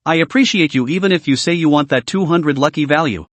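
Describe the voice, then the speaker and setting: A man's voice: fairly high pitch, fast talker, no echo, natural voice. A man reading the lines of a cheeky talking system inside the hero's head, smug and teasing.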